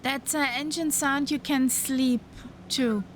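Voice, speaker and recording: Slow, halting woman streamer. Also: high-pitched, steady tone, slight background noise. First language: German. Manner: slow, halting speech with fillers. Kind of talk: casual chat.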